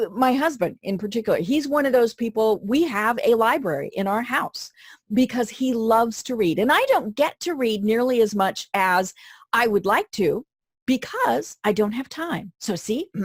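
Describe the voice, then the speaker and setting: A woman's voice: fairly high pitch, dry recording, clean studio sound. A woman hosting a podcast interview. She talks in a chatty way, full of fillers and restarts. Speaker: podcast host.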